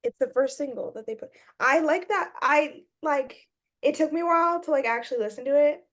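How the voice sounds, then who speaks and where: A young woman co-hosting a casual podcast, with a voice a touch higher than most. She chats in a quick, animated way and readily agrees with her co-host. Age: young adult. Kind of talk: casual chat.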